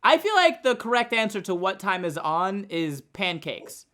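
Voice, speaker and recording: A young man co-hosting a podcast as a comedian, chatting casually and slipping in dry, deadpan jokes. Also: high-pitched, moderate pace, a loud crowd.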